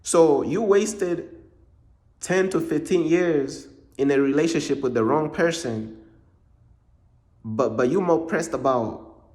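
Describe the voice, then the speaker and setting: A man's voice: on the high side, slow, long pauses, a little mellow. A man preaching in a casual monologue, blunt and repetitive, full of street slang.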